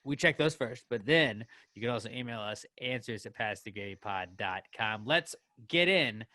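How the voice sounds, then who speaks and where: A young man co-hosting a casual comedy podcast, joking around and now and then breaking into loud silly shouts. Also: medium pitch, animated, normal speed, dry recording. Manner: jokey, bursts into loud silly Pokemon shouts. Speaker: podcast co-host.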